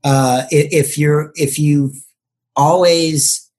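Husky-voiced male guest, casual storyteller who stumbles through ums and restarts. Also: a little high, fairly even intonation, slow, darkish tone. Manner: hesitant, many ums and restarts. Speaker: podcast guest, bartender and local political candidate.

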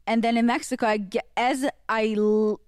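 A woman guesting on a podcast and telling a story in a chatty, rambling way, full of fillers and restarts. Her voice sits somewhat high. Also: fairly even intonation, moderate pace, darkish tone, smooth, no room sound. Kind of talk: casual storytelling.

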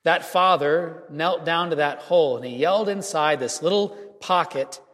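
Man preaching a homily, higher voice, earnest storytelling, long church reverb. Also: fairly bright tone. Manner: earnest storytelling, measured pauses. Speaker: priest. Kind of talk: Christmas homily.

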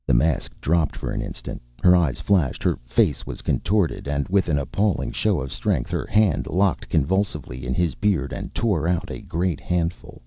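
A man reading a pulp adventure story aloud as a narrator, with a dramatic, expressive delivery. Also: very deep voice, moderate pace, gravelly, hardly any pauses, husky, no echo. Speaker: audiobook narrator. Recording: dull, dry audiobook recording.

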